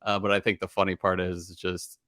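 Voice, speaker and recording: A man's voice: sits low, level tone, fairly quick, pushed and bright, dry recording, clean studio sound. A man in his thirties co-hosting a podcast, talking easily and thoughtfully about his young daughter in casual chat. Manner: easygoing, reflective, lots of agreeing murmurs. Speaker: podcast co-host.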